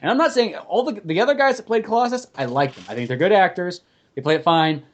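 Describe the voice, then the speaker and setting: A man's voice: high voice, quick pace. A man hosting a podcast in casual chat, rambling and swearing freely as he talks. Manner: animated, profane, rambling. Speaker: podcast host.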